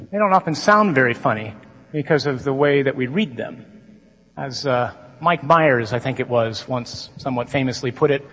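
A man, a priest, giving a lively conference talk to a crowd of men. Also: mid-range voice, husky. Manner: lively, mimics stuffy readings. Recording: long hall reverb.

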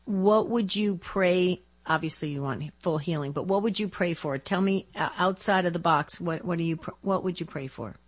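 Warm woman hosting Catholic radio. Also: lowish voice, normal speed, hardly any pauses. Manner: warm, encouraging, gently probing. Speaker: radio show host. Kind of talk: Catholic call-in radio chat.

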